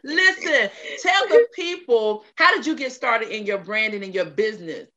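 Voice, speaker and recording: A woman's voice: on the high side, expressive, moderate pace, pushed and bright, muffled recording. A woman hosting a podcast interview in a casual, hype, effusive way, using Southern slang. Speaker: podcast host.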